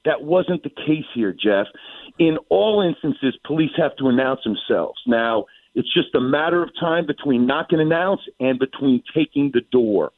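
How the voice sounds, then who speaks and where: Calling in to a radio talk show as a guest commentator, a man sets out his points assertively and methodically, addressing the host by name. His medium-pitched voice is expressive and at normal speed, with no echo but a tinny phone-line quality.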